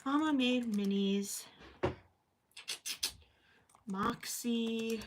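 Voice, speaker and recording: A chatty woman hosting a crochet livestream from home, thinking aloud as she works. Her voice sits a little high and has a bright edge, and she takes her time. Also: animated, unhurried, long pauses, slight background noise. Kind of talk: casual chat while crocheting, reading live chat.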